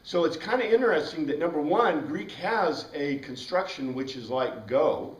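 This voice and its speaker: A man's voice: fairly high pitch, expressive, moderate pace. Chatty man teaching in an echoey classroom. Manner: chatty, rambling, spells out words letter by letter. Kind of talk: informal classroom lecture. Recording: roomy classroom heard from a distance.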